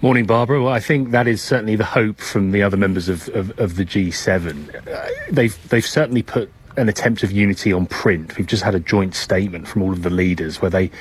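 Man, correspondent, low-pitched, husky, hesitant live news report. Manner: measured, with frequent hesitations and restarts.

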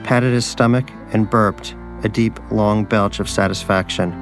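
A man's voice: on the low side, steady tone, measured pace. A man reading a story aloud in scripted narration, with a dry, wry storyteller's manner. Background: music.

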